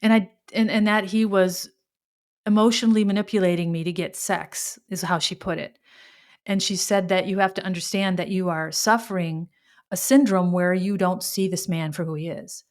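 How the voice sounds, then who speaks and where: Lady podcaster talking thru a rough story, kinda low voice, stops and restarts a lot. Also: steady tone. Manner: reflective, halting, with sighs and restarts. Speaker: podcast host. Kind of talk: personal storytelling monologue.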